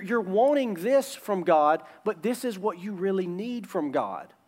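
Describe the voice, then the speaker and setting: A man preaching a sermon in a high voice. He repeats his phrases for emphasis and calls out for responses from the congregation. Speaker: pastor.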